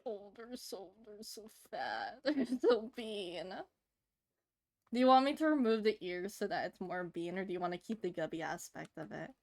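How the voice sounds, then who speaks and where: This thirty-something streamer has an expressive, slightly mellow mid-range voice and speaks at a moderate pace. As she draws, she chats with her stream, giggles and gushes over cute things.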